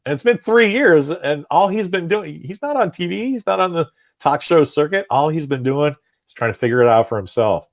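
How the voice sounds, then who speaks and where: A man's voice: a little high, normal speed. A man as a guest in a casual comics chat, talking at length and animatedly, often tagging "right?" onto his points. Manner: talkative, animated, tags "right?". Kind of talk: casual conversation.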